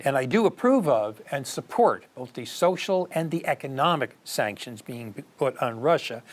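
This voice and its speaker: Man, news commentary host, scripted opinion, earnest, rhetorical questions, middle-aged, average pitch. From United States.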